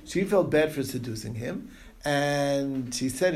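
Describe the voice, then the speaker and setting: A man leads a relaxed Talmud class, recounting stories in a loose, meandering way. His voice sits at a middling pitch and has a gravelly edge. He pauses and restarts often, stringing his thoughts together with fillers. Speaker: Torah teacher.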